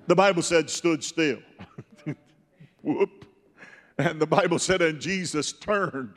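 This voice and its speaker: Fervent older preacher in an echoing hall. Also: male voice, on the high side, slow, pauses often. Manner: fervent, bursts into shouts. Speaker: pastor. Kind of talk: Pentecostal sermon.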